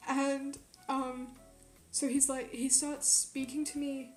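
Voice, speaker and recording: A young woman from Quebec telling a story in a casual, animated way, swearing often and filling it with "like". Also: high-pitched, slow pace, reverberant. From Quebec, Canada. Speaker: streamer. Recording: faint music behind.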